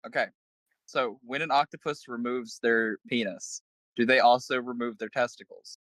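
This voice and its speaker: A man's voice: mid-range voice, fairly even intonation, fairly bright tone, no room sound. Giggly teasing man, dry close sound. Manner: giggly, teasing, reads facts aloud haltingly. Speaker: podcast co-host. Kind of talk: casual podcast chat.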